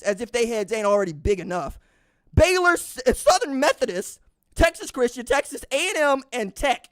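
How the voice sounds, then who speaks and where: A man's voice: very high voice, big pitch swings, fairly quick, a bit bright. A man hosting a sports podcast, delivering opinionated commentary as an incredulous, mocking rant. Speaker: podcast host.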